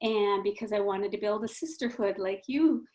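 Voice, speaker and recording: A woman trainee on a group coaching call, chatty and excitable as she shares her experience. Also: medium pitch, normal speed. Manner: chatty, excitable, tells stories. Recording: echoey room.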